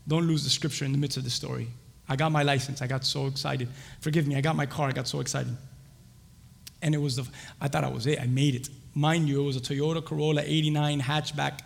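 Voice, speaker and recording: A young man preaching a sermon, telling a lively personal story with laughter and acted-out voices. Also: a little high, gravelly. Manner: animated, laughing, acts out voices in his stories. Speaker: pastor. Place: church. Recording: church hall reverb.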